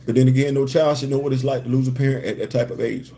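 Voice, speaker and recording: A man's voice: mid-range voice, fairly even intonation, fast talker, mellow. A man hosting a casual livestream chat from a hotel room, joking and repeating his phrases. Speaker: host.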